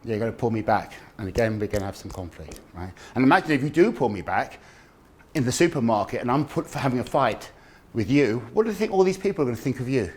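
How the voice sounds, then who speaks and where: A middle-aged man giving a lively talk on dementia care, acting out the people in his stories. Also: mid-range voice, fast. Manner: animated storyteller, acts out quoted voices. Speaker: dementia awareness speaker. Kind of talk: lively public health talk. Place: community event room.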